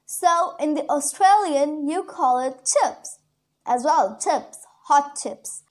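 With a high-pitched, animated delivery, a woman teaches English vocabulary in a casual online lesson. Her first language is Urdu, and she slowly repeats the key words for learners.

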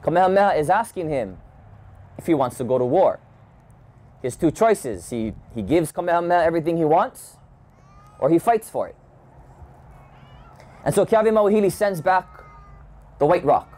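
Man from Hawaii, fairly high voice, slow measured storyteller. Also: lively intonation, a little mellow. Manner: measured, thoughtful storytelling with restarts. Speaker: community leader. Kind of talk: storytelling talk. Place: home gathering, indoors.

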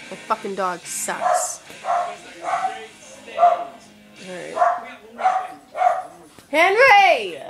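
A woman's voice: lowish voice, low-quality recording. A woman vlogging casually from home while sick and congested, talking in a blunt, profane, rambling way.

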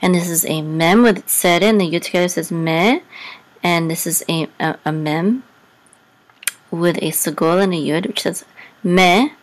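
Halting woman sounding out Hebrew syllables. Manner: halting and self-correcting, sounds out syllables slowly; sings the cantillation marks in a higher voice. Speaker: Hebrew teacher. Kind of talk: casual Torah reading lesson.

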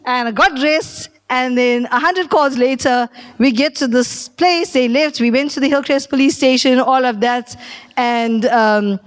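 A woman's voice: sits high, unhurried. A middle-aged woman pastor, preaching a sermon and telling a personal story, acting out the people she quotes. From South Africa.

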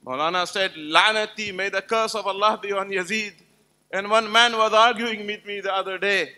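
A man's voice: sits high, steady tone, moderate pace, sharp tone. A man giving an emphatic religious lecture to a live gathering, telling stories and putting rhetorical questions to the audience. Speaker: Islamic lecturer.

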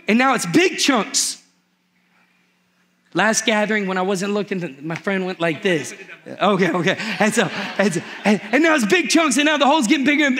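A man's voice: high voice, brisk, fairly bright tone. A male pastor preaching a sermon in church, telling a story with humor and acting out its characters.

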